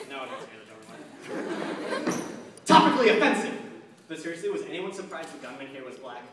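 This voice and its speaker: A young man does stand-up in an awkward, self-deprecating way. His voice sits fairly high and swings widely in pitch. It sounds like a distant, echoey hall recording with heavy noise underneath. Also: big pitch swings, fairly quick, long pauses. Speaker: student stand-up comedian. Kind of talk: stand-up comedy set. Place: large venue with audience.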